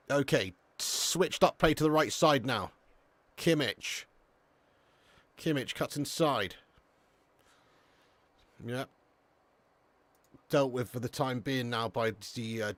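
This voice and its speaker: With a mid-range voice and no echo, this English host calls a football match live for a watch-along audience. Between plays he reads chat messages aloud, chatty and lively, and lad and mate come up again and again.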